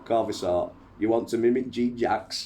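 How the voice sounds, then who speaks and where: Brief: man reading aloud as a bantering male emperor, jovial and mocking, deep voice nudged a little higher, faint background hiss. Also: normal speed, dark tone, lightly acted. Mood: teasing.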